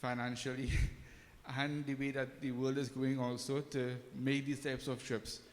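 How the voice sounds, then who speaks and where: A man's voice: mid-range voice, little pitch movement, unhurried. A man, a pandit speaking informally and hesitantly to a temple congregation. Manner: hesitant, many ums, friendly. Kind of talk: informal talk at a temple service. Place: temple hall. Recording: reverberant temple hall.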